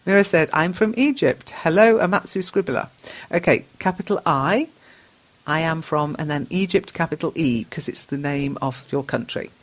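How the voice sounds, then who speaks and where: A woman's voice: sits low, normal speed. An English woman hosting an English lesson, reading out learners' chat messages, correcting them and spelling words out patiently. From England. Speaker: English teacher and show host.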